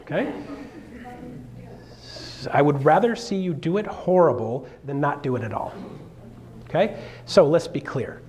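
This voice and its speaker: Animated, joking male real estate coach. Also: a little high, measured pace, long pauses. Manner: animated, joking, asks the room questions. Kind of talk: live seminar talk.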